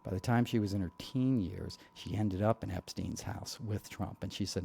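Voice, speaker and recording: A podcast host speaks in a fairly low, mellow voice. He talks bluntly and heatedly, rambling through asides and filling gaps with "you know." The delivery is loose and conversational, like a monologue to regular listeners. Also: normal speed, gravelly, few pauses, a little hiss or hum. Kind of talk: casual political monologue.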